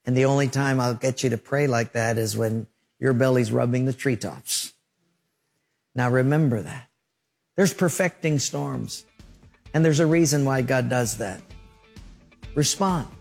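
A man's voice: mid-range voice, a little slow, creaky, long pauses, soft background music. A male pastor preaching a sermon, telling stories and acting out scenes and sound effects.

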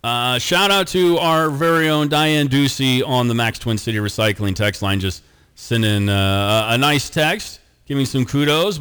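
A man's voice: medium pitch, fairly bright tone, clean tone. A man hosting a radio talk show, reading out listener texts and community event announcements in an easygoing way. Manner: easygoing, laid-back reader of community notices.

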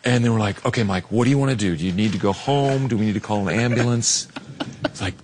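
Guy telling a funny story, mid pitch, bit of background noise. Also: fast. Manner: animated storyteller, acts out quotes. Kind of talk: anecdote.

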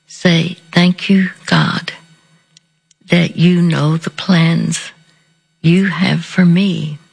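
A woman telling a personal story in a slow, deliberate, softly earnest way. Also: low-pitched, creaky, breathy edge, low-quality recording. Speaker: speaker sharing a counseling story. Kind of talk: reflective storytelling talk.

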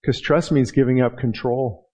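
A man's voice: mid-range voice, steady tone, normal speed, a little mellow, husky. A middle-aged man preaching a passionate sermon as pastor, acting out prayers and quotes and often restarting his sentences.

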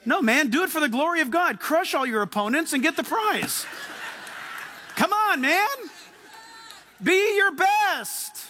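A man preaching a sermon in an animated way, acting out the voices in his quotes. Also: very high voice, unhurried, long pauses, noisy background. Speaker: pastor.

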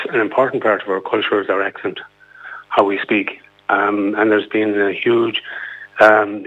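An Irish man calling into a radio phone-in, making his point earnestly and haltingly, with plenty of ums. His voice is on the low side. It comes through a thin, tinny phone line. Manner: earnest, hesitant, many fillers. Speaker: caller. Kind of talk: phone-in call.

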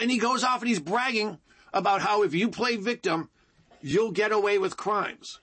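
A man's voice: sits high, moderate pace, pushed and bright, slightly rough. A man hosting a political talk show, delivering an opinionated monologue with emphatic repetition and frequent calls to "folks.". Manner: emphatic and repetitive, keeps addressing listeners as folks.

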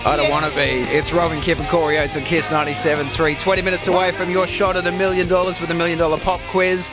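A man's voice: a little high, little pitch movement, fast talker, over music. A man hosting a radio show, with upbeat presenter patter. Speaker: radio host.

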